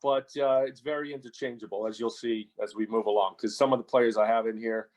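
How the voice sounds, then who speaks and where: A man's voice: fairly low pitch, steady tone, brisk, a little mellow. An American man appearing as a guest on a podcast over a remote connection, easygoing and joking. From United States. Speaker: guest, former goalkeeper. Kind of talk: casual podcast interview.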